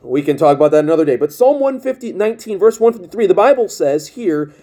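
High-voiced, mellow male preacher. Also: expressive, fast talker, hardly any pauses. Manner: reads King James scripture aloud, restarts often. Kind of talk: sermon.

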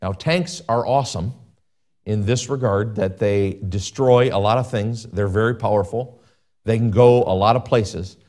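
A man preaching a sermon as a pastor, emphatic, with big pitch swings and repeated phrases. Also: normal speed, darkish tone.

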